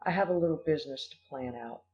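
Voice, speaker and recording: A man reading the part of a courteous, gallant husband speaking gently in a dull, lo-fi recording. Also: fairly high pitch, fast, close to an everyday voice. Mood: gentle. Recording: dull lo-fi audio.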